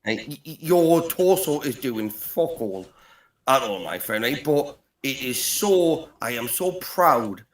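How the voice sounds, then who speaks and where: A man's voice: medium pitch, sing-song, slow pace. A middle-aged man from Newcastle with a Geordie accent, bantering on a call and rambling with "right, okay?" and "mate" after every phrase. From Britain, Newcastle. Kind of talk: joking banter. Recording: echoey room with faint ambient noise.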